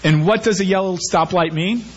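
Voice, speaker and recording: Man preaching, animated, higher-pitched. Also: normal speed, slightly rough, lo-fi sound. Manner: animated preaching with rhetorical questions. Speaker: pastor. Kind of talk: sermon.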